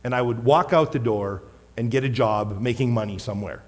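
Male pastor, sermon, emphatic stresses, medium pitch, long hall reverb. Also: brisk. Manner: emphatic, shifts between loud stresses and quiet asides. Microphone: wearing a microphone.

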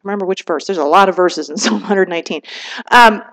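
A woman delivering a church teaching talk. She tells everyday stories in an animated way and acts out the scenes as she goes. When she reaches a key point, she slows down and softens her voice for emphasis. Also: medium pitch. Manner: lively storytelling, acting out scenes. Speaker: Bible teacher.

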